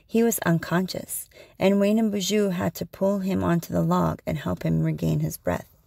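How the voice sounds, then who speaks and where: A woman reading a storybook aloud in a slow, measured way. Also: on the low side, steady tone, gravelly, dark tone, dry recording, studio quality.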